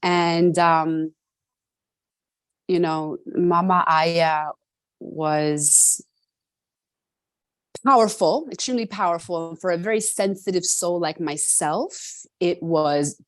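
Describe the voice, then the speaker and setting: Over a video call, an earnest middle-aged New Yorker shares reflective personal stories as a guest, her voice pitched a little low. She frequently checks in with "right?", and the sound is close and dry with no room noise.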